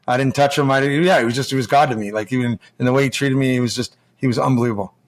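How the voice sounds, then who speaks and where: An American man spins long, loose stories in an easy, mid-pitched voice. He keeps stopping, restarting and acting out what other people said. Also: steady tone, racing, a little hiss or hum. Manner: rambling, full of restarts and acted-out quotes. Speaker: guest, former hockey player. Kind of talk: casual storytelling.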